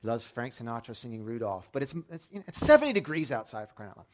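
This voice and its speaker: A man's voice: mid-range voice, big pitch swings, rapid-fire. Conversational male pastor preaching. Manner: conversational storytelling with light humor. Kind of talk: sermon.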